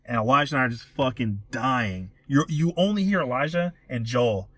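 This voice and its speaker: A man's voice: medium pitch, expressive, moderate pace, a bit bright, no room sound. A young man co-hosting a casual podcast, rambling and profane, often cutting himself off mid-sentence. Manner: rambling, profane, self-interrupting storyteller. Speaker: podcast co-host. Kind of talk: casual chat.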